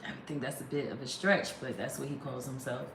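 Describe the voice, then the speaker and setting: A woman's voice: extremely low pitch, steady tone, brisk, gravelly, roomy sound, background noise. A woman in her thirties chatting casually to a phone camera, rambling and laughing often. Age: 30s. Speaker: vlogger.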